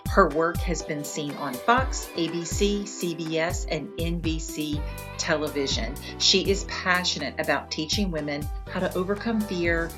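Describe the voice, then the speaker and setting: A middle-aged woman hosting a podcast interview, enthusiastic and effusive, with quick asides to her listeners. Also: deep voice, music in the background. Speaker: podcast host.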